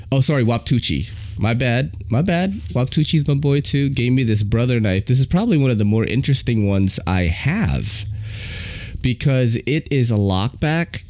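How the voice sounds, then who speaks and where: A man's voice: mid-range voice, a little mellow, dry recording. A man hosting his own podcast in casual chat, laid-back and enthusiastic, often dropping "man" and "you know". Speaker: podcast host.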